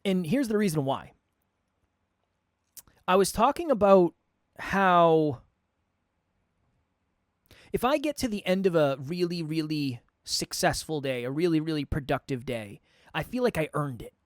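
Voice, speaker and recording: A man co-hosting a podcast in casual chat, talking quickly and animatedly, his voice a little worn from a long day. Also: a little high, no room sound, studio quality. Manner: quick, animated, self-correcting. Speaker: podcast co-host.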